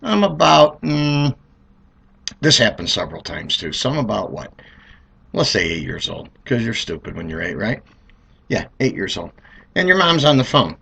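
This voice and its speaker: A middle-aged man telling comedic stories in a rambling, animated way, acting out voices. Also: lowish voice, normal speed, vocal fry, breathy edge. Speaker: car dealer telling stories. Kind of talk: comedic monologue.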